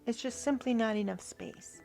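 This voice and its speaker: Woman doing a soft earnest tarot reading, kinda high voice, whispers sometimes, light music in back. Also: normal speed, gravelly. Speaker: tarot reader.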